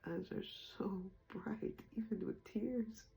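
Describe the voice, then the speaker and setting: Tearful woman with a gravelly, mellow voice. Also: medium pitch, measured pace, low-quality recording. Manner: tearful, emotional, casual slang. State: teary, on the verge of crying. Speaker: vlogger. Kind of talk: emotional spiritual vlog chat.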